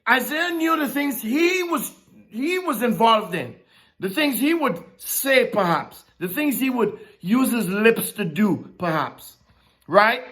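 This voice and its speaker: A preacher giving a casual, animated sermon, laughing often and slipping in slangy asides. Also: mid-range voice, takes it slowly.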